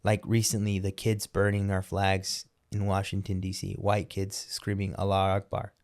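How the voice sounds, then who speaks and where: A man's voice: deep voice, completely flat delivery, moderate pace. A man hosting a podcast interview, talking in a casual, emphatic and opinionated way, often restarting his sentences. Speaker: podcast host.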